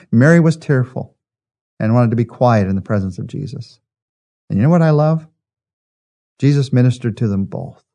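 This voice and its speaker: Male pastor, mid-pitched, earnest sermon delivery that drops soft and slow on key lines. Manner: earnest, slows and softens on key phrases.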